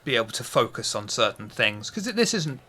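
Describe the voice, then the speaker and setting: A man narrating a tabletop horror game as game master in a measured way. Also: medium pitch, very animated, sharp tone.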